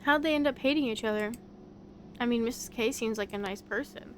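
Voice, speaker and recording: A woman's voice: fairly high pitch, brisk, slight background noise, lightly acted. A woman voicing an earnest, inquisitive young investigator in a visual novel. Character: polite young investigator searching for someone.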